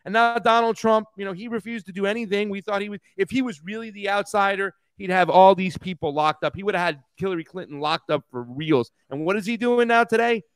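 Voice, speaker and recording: Male co-host, high voice, dry mic, heated profane ranting. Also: a little fast, few pauses, clear, resonant tone, no room sound. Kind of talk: casual political talk show.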